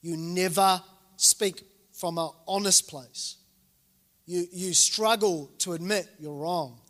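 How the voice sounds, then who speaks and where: In a reverberant church hall, a New Zealand man in his 40s preaches slowly in a high voice. He is a pastor delivering a sermon through animated storytelling, voicing the characters he quotes.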